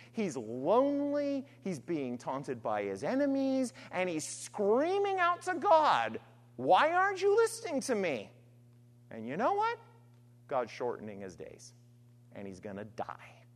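A woman preaching a sermon, earnest and emphatic, alternating forceful stress with quiet, trailing phrases. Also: fairly high pitch. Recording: long hall reverb.

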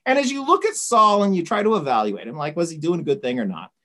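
A woman's voice: fairly low pitch, very animated, fast, fairly bright tone. A woman giving an informal lecture, retelling a story conversationally and often checking in with "right?".

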